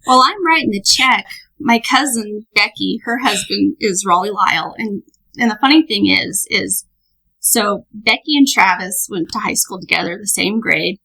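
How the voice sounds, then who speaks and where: A woman guest on a podcast, telling a story in a lively, laughing way. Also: medium pitch, normal speed, gravelly, slightly rough, rough recording. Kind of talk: casual storytelling.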